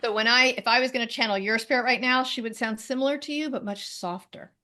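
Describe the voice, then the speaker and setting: Woman guest, chatty and animated, slightly high pitch, conversational interview. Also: fast. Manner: chatty, animated, frequent laughs. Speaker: guest, medical intuitive and spiritual teacher.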